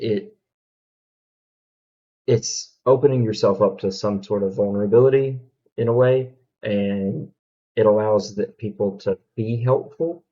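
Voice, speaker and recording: A man's voice: fairly low pitch, lo-fi sound. A man from Alabama with a Southern accent, hosting a reaction video in an easygoing, thoughtful way with frequent fillers. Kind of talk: casual reaction commentary.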